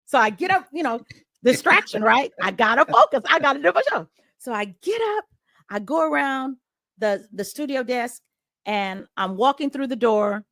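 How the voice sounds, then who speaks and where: Middle-aged woman, radio host, animated storyteller, voices every quoted line, slightly high voice, dry close mic. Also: moderate pace, no echo. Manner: acts out quoted dialogue with big pitch jumps. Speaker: radio host and podcast guest.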